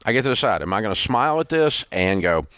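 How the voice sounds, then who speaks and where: A man's voice: fairly low pitch, very animated, fast talker, a bit bright, clean tone, dry recording, clean studio sound. A man hosting a radio talk show, chatting in a folksy, rambling way with lots of restarts. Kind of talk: casual on-air talk.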